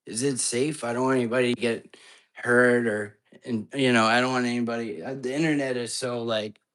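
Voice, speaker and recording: A man's voice: mid-range voice, fairly even intonation, fairly quick, fairly bright tone. A man hosting a live ghost-hunting stream from an apartment at night, chatting casually and jumpily straight to his viewers. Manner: chatty, jumpy, talks straight to his chat.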